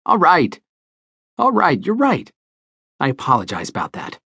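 A high, rusty, wheedling voice belongs to an aging small-time crook, touchy and chipper, as a male narrator puts him on. He swoops up and down as he pleads and sulks. The sound is dry and close, with a husky edge. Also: huge pitch swings, moderate pace, sharp tone, dry recording, exaggerated voice. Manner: wheedling and easily offended. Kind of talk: audiobook character voice.

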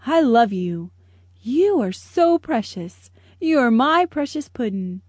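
A woman reading a children's audiobook voices a loving father, speaking slowly and tenderly. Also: a little high, sing-song, slightly rough, no echo, exaggerated voice. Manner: slow, tender and doting. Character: loving gentle father, adult man.

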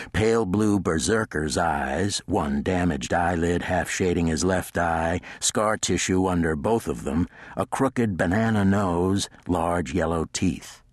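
A man narrating a thriller audiobook in a measured, gritty manner on a close studio mic. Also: low voice, no room sound. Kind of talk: scripted narration.

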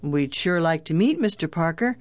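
A man's voice: a little high, animated, normal speed, natural voice. A narrator voicing a polite, eager father of two boys.

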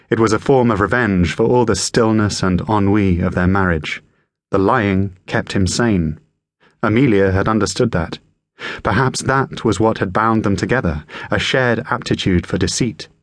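Reading a thriller from a script, a male audiobook narrator tells the story in a calm, even, measured way. He has a fairly low pitch, and the studio-quality audio has no room sound.

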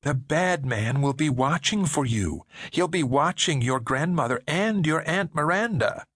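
A man's voice: fairly high pitch, animated, a bit bright, slightly rough, no echo, studio quality, voice pushed up, full character voice. A man voicing a falsely sweet older woman. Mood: coaxing. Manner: slow, coaxing and sugary.

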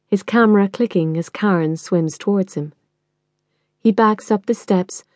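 A woman reading a novel in the first person, measured and intimate. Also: fairly low pitch, mellow, no echo, clean studio sound. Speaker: audiobook narrator.

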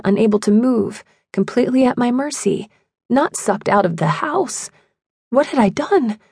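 A woman's voice: mid-range voice, gravelly, mellow, slightly rough, no echo. Woman narrator, first-person audiobook, emotional reading, dry booth sound.

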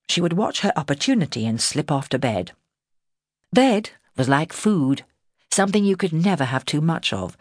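Female narrator, lively intonation, slightly husky, dead-dry booth; period fiction reading. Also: low-pitched, no echo. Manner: expressive, measured storytelling. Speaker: audiobook narrator. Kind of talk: scripted narration.

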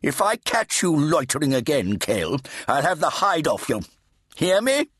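A man's voice: a little high, very animated, normal speed, slightly rough, dry recording, studio quality, voice pushed up, exaggerated voice. Casting: a man voicing a harsh, bullying fat monk-cook, raised and barking. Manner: barking, shouting interrogation. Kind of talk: audiobook character voice.

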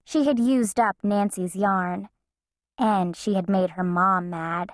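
A woman narrating a children's storybook in an expressive, playful way. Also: mid-range voice, takes it slowly, no echo, studio quality. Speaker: audiobook narrator.

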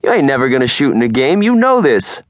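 A man voicing a brash, cocky teenage quarterback who shouts taunts in street slang. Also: mid-range voice, sing-song, fast talker, no echo, clean studio sound, voice pushed up, close to an everyday voice. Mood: taunting.

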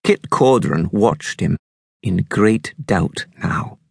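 Slow, expressive male audiobook narrator. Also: deep voice, gravelly, slightly rough, dry recording, clean studio sound. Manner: unhurried storytelling, expressive.

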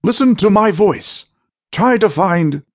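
A man voicing a calm, commanding male wizard who speaks in formal, measured sentences. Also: fairly high pitch, breathy edge, voice pushed up, full character voice. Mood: urgent.

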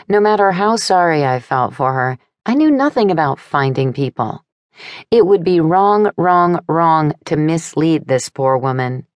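A woman narrating an audiobook in the first person, with measured, wry storytelling. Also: low-pitched, a little mellow, no room sound, clean studio sound.

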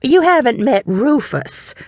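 A woman narrator puts on a doting, eccentric old grandma from an audiobook, her voice lifted high and crooning in a sing-song way. The recording is close and dry, with no room around it. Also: very animated, unhurried, vocal fry, a little mellow, dry recording, heavily acted. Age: older. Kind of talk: audiobook character voice.

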